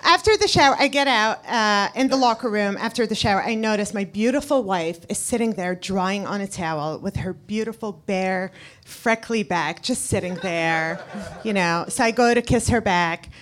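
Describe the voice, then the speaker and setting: A woman's voice: mid-range voice, normal speed, a bit bright, a little hiss or hum. Woman, non-native English, live comedy set, punchy self-mockery, stage mic. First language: not English. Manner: self-mocking, punchy storytelling. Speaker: stand-up comedian.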